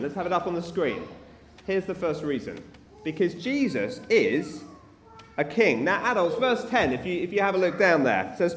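A man's voice: high voice, a little hiss or hum. A man preaching at a family service, talking playfully to the children and coaxing them to join in. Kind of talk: lively children's talk in church. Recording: roomy church hall with faint ambience.

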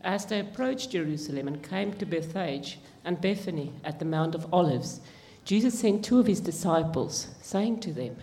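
A woman reads a Bible passage to the congregation in a plain, steady way. Her voice sits low and calm, with small slips here and there. A faint room hum is heard behind her. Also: moderate pace. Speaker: scripture reader. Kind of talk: reading scripture aloud in church.

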